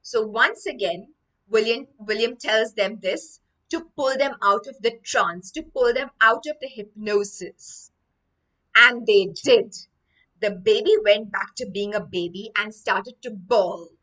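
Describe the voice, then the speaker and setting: A woman's voice: mid-range voice, measured pace, pushed and bright, recorded from a distance, poor audio. A woman teaching English vocabulary through a story, explaining each line after she reads it.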